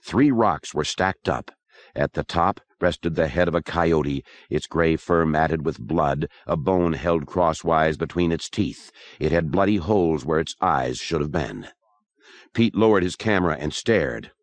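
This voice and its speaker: Deep-voiced man narrating an audiobook. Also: measured pace.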